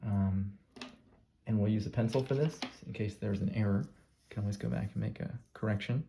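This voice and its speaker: Calm man teaching step by step. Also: on the low side, a little fast, gravelly, a little hiss or hum. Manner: calm step-by-step instructions, repeating cues. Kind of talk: classroom craft demonstration.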